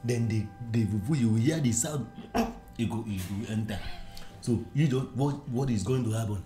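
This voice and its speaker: A man in a comic film scene, explaining at length and begging loudly while stammering. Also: medium pitch, normal speed, reverberant, soft background music. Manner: pleading, stammering, loud.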